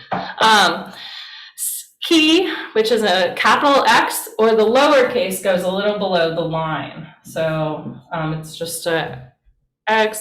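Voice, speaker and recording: Slow-talking woman pastor teaching in an echoey room. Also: fairly low pitch, a bit bright. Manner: chatty and encouraging, with many fillers. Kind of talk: casual classroom teaching. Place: church meeting room. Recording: roomy echo.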